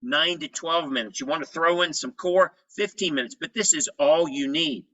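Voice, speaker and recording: Guy giving a pumped-up health talk, bright forceful voice, kinda dull lo-fi sound. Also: a little high, moderate pace. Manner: energetic storytelling in short punchy phrases. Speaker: presenter. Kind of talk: motivational health presentation.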